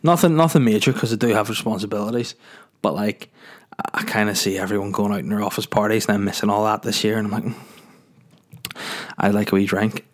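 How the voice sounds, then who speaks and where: Northern Irish male podcast host, lowish voice, loose rambling jokey monologue. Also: fast talker. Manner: rambling and jokey, with filler words.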